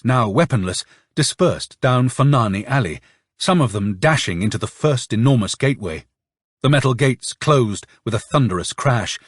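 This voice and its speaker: Male audiobook reader, husky, pitch moving around a lot, dramatic delivery. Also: no room sound, studio quality. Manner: expressive, dramatic reading. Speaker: audiobook narrator. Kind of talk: scripted narration.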